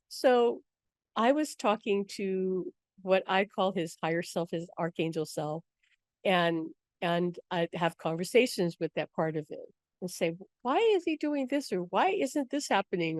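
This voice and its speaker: A woman's voice: medium pitch, darkish tone, dry recording, studio quality. A woman teaching a spiritual workshop in a chatty, direct way. She laughs easily and keeps checking in with her listeners. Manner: laughs easily mid-sentence.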